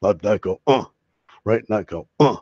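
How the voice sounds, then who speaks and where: A man voicing a male patient in a spoken joke, talking in halting, broken phrases with grunts between them. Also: fairly low pitch, darkish tone, no echo, close to an everyday voice. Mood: deadpan. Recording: dull lo-fi stream audio.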